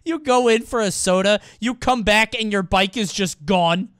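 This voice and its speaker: A man streaming as he reacts to viewer clips and scores them, laughing often and swearing freely with loud exclamations. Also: sits high, normal speed, clean tone, no echo, studio quality. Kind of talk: casual reaction commentary. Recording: background noise.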